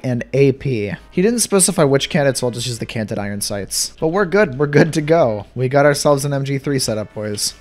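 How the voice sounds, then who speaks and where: Excitable young man doing game commentary. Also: mid-range voice. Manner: excitable, sarcastic, swings from mock despair to glee. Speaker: gaming YouTuber. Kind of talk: casual gameplay commentary.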